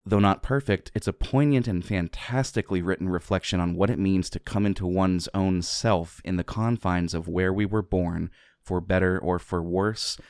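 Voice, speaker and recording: A man's voice: deep voice, steady tone, normal speed, a little mellow, clear, resonant tone, dry recording, studio quality. A man from southwestern Pennsylvania co-hosting a casual podcast, enthusiastic, laughing often and rambling into asides. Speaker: podcast co-host.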